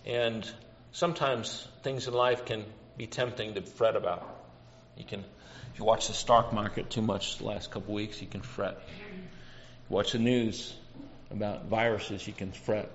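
A man's voice: on the low side, fairly even intonation, unhurried, slight background noise. Earnest male preacher, dull recording. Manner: earnest, personal, repeats key questions. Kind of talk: sermon. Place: church hall.

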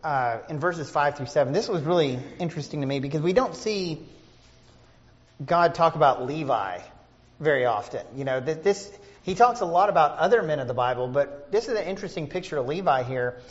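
Man preaching, fairly high voice, conversational, full of fillers, long hall echo, slightly muffled. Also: expressive, fairly quick. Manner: conversational, many fillers and restarts. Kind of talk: sermon.

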